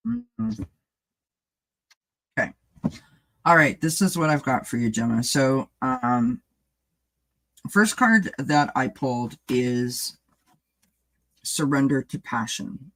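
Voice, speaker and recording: A man's voice: mid-range voice, sing-song, slow pace, vocal fry, pauses often, fairly bright tone. A man giving a casual live-stream tarot reading, chatting loosely and addressing viewers by name as he rambles and restarts thoughts. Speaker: tarot reader.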